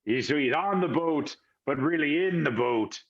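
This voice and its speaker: A man narrating as game master, halting, with many fillers. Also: a little high, lively intonation. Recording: dull lo-fi audio.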